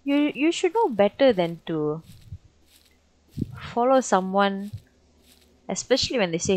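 Cussing Malaysian woman gamer, slow-talking. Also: mid-range voice, very animated, dry recording. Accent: Malaysian English. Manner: jumpy, swears constantly, loud startled reactions. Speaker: gaming streamer. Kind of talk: horror game let's play commentary.

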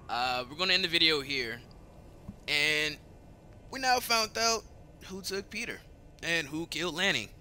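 A man giving let's play commentary as a gaming YouTuber, dramatic and expressive, swinging between yelling and mumbling. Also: mid-range voice, slight background noise.

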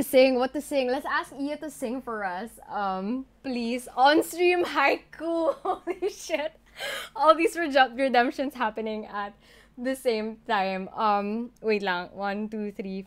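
A woman streaming a game live, excitable and giggly, shaky and overwhelmed as she thanks her chat. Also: on the high side. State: shaky and overwhelmed, near tears.

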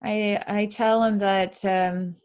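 A woman psychic talks a client through a live energy-healing session. She meanders earnestly and describes each vision as it unfolds. Her voice sits at an ordinary middle pitch for a woman. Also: little pitch movement, takes it slowly, a little mellow, smooth.

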